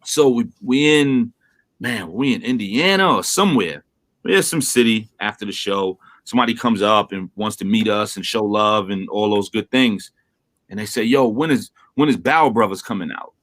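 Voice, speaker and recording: A man from Brooklyn, a rapper being interviewed over a remote call, telling stories in a casual, animated way and acting out quotes. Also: normal speed. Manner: animated storyteller, acts out quotes with big pitch jumps. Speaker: rapper guest.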